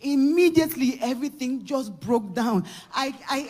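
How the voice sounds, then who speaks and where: A middle-aged Ugandan woman giving a church testimony, moving from hushed storytelling to shouted praise. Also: medium pitch, expressive, normal speed, slight background noise. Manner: emotional, building from hushed telling to shouted praise.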